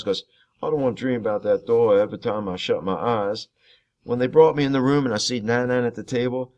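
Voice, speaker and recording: A man reading a novel chapter aloud in first person, in a steady, unhurried storytelling way. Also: medium pitch.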